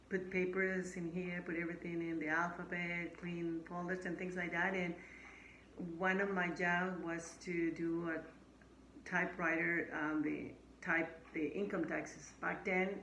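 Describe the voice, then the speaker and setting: Immigrant woman recounting her first jobs, animated, roomy echo, faint hiss behind. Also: fairly low pitch, takes it slowly. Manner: animated, acts out quoted dialogue. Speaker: interviewee. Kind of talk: casual storytelling interview. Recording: echoey room, faint background noise.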